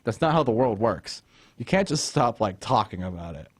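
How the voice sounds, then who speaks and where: A man's voice: on the low side, sing-song, moderate pace. Opinionated young man ranting about a film. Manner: opinionated, exasperated ranting, acts out film scenes. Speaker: host. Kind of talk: casual movie review chat.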